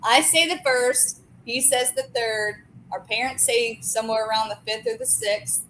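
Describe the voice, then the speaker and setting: A woman's voice: fairly high pitch, normal speed, a bit bright, slight background noise, rough recording. A woman in her forties, a restaurant co-owner and guest, chatting in a talkative, enthusiastic way. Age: 40s. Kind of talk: casual chat.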